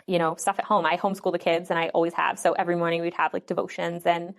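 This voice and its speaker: A woman's voice: on the low side, flat delivery, quick pace, creaky. A woman in her thirties, a guest in a casual interview, who talks chattily, laughs often and acts out what others said. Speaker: podcast guest.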